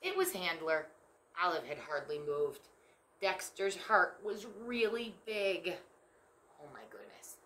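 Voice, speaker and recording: Woman reading a kids story out loud, bright lively voice, slow, echoey room. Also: fairly low pitch. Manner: asks young listeners questions, lively. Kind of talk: children's story read-aloud.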